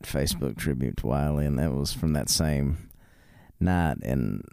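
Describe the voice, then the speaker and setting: A man's voice: extremely low pitch, lively intonation, measured pace, vocal fry, darkish tone, dry recording, studio quality. A man co-hosting a podcast, telling stories in a jokey, casual way. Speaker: podcast co-host.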